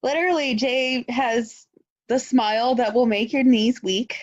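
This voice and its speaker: A woman co-hosting a podcast in casual chat, telling stories with excitement, acting out quotes and swearing freely. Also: a little high, measured pace, no echo, highs cut off. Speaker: podcast co-host.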